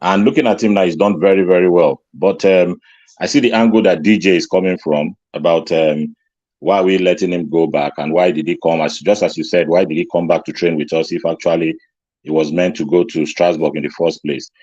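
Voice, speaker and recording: A man speaking as a guest on a casual live stream, laying out his views with "um" pauses. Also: deep voice, fairly even intonation, darkish tone, no room sound, highs cut off. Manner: measured, reasoned speech with "um" pauses. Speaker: guest commentator. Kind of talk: casual chat.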